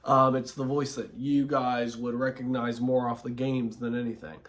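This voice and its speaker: A man with a hoarse, sore voice, chatting casually to camera in a relaxed, rambling way between voice impressions. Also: mid-range voice, normal speed.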